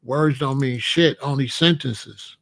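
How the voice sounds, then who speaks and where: A man's voice: mid-range voice, slow, vocal fry, a bit bright. A man hosting a livestream, lecturing viewers in chat in a preachy, repetitive way. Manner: preachy, lecturing, repeats phrases. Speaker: host.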